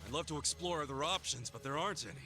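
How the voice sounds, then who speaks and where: A man's voice: on the high side, very fast, natural voice. An actor playing a weary, resigned male companion in a video game, with a dry grumbling manner. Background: game music.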